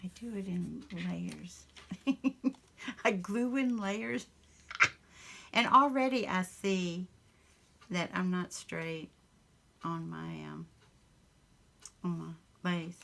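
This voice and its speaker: Slow, gravelly Southern US woman. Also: on the low side, fairly bright tone. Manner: rambling, chuckling, with many ums. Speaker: craft vlogger. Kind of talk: casual chat while crafting. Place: home craft room.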